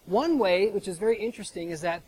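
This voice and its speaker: A man's voice: high-pitched, expressive, quick pace, a little mellow, a little hiss or hum, poor audio. An American man preaching a sermon in a chatty way, often checking in with "right?". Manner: chatty, asks rhetorical "right?". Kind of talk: conversational sermon.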